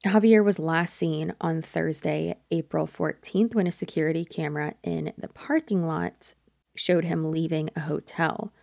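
Chatty woman with a gravelly voice. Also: low voice, fairly even intonation, unhurried, darkish tone, no room sound, studio quality. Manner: chatty, speculative, self-correcting. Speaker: true crime podcast host. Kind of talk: casual true crime narration.

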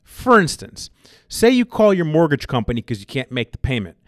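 A man's voice: on the high side, very animated, moderate pace, no room sound, studio quality. A man hosting a podcast, lecturing bluntly and emphatically with frequent swearing. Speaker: podcast host and gym owner. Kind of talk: casual advice monologue.

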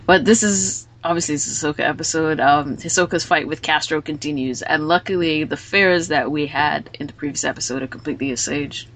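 Quick-talking woman hosting a podcast. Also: low voice, slight background noise. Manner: quick, animated retelling. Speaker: podcast host. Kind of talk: casual podcast chat.

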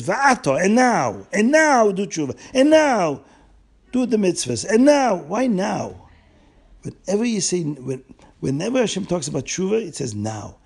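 A man tells a moral tale to children, animated and emphatic, stretching key words. His voice is somewhat high with a gravelly, creaky texture. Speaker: storyteller and teacher for children. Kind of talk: storytelling with a moral lesson.

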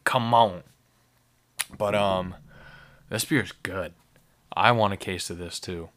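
A young man with a fairly low voice hosts a casual beer-review podcast. He rambles loosely and swears freely, with playful energy. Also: fairly even intonation, moderate pace, long pauses, a bit bright. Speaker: podcast host.

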